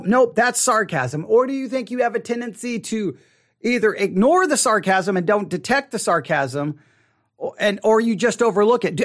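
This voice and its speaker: High-voiced man leading a Bible study. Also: a bit bright. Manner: conversational, restarts and repeats words, asks questions. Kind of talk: casual livestream teaching.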